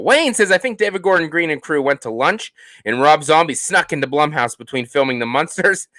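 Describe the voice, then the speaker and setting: A man hosting a casual live stream, reading out viewer comments in an animated and jokey way, with many fillers and restarts. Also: medium pitch, no room sound. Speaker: host of a horror movie channel.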